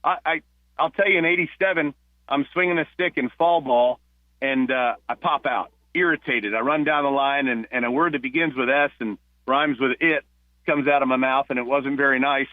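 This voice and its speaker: A man's voice: medium pitch, no room sound. Man on a tinny phone line. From New Jersey. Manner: warm storyteller, halting restarts. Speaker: guest, retired police officer. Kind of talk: phone-in radio interview.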